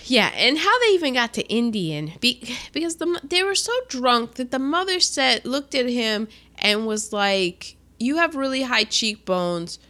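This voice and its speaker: With a slightly high voice and a measured pace with few pauses, a woman chats casually through a movie's story. She's animated, performing the quotes and laughing as she goes.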